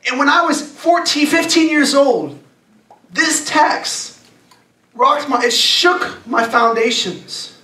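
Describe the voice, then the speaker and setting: A young adult man giving a youth sermon, talking casually and emphatically and slowing down to read scripture. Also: extremely high pitch, lively intonation, pushed and bright. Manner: emphatic, conversational preaching with slowed scripture reading. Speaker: youth pastor. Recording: echoey room, distant mic.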